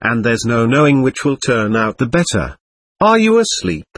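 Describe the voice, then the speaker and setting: A man's voice: mid-range voice, huge pitch swings, moderate pace, a bit bright, dry recording. A man reading as a sly, mocking male devil who muses ironically and pities himself, in an audiobook of a novel. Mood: ironic. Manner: ironic, theatrical, self-pitying musing.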